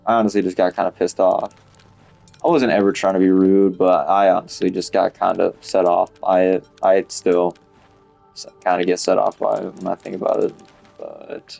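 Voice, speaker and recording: A young male vlogger tells a rambling, casual story, swearing a lot and saying "like" constantly. His voice is low and darkish, with vocal fry.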